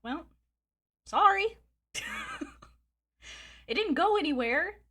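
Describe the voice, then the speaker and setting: With a slightly high, somewhat bright voice, a female streamer chats animatedly at a moderate pace. She rambles through a gossipy story full of fillers, laughter, and frequent candid cursing.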